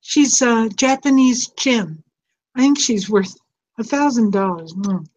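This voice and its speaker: A woman's voice: on the high side, a little slow, darkish tone. An older woman, a psychotherapist hosting a show, talking in an emotional, tender, rambling way. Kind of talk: casual heartfelt chat. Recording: dull lo-fi sound with faint noise.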